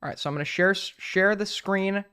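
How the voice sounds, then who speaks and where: A man's voice: high voice, moderate pace, bright, forceful tone, clean tone. A young man hosting a casual live stream, rambling and crude, often restarting his sentences. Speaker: streamer host.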